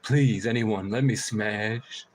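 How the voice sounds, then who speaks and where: A man voicing a crow that begs over and over in a slow, drawn-out plea. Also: lowish voice, a little hiss or hum. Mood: pleading. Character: pleading crow begging to mate.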